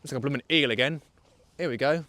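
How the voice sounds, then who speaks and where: A young Englishman talks fast in a mid-range voice that sounds pushed and bright, with no room sound. He's livestreaming casual fishing commentary from an outdoor riverbank, joking and answering viewers' questions.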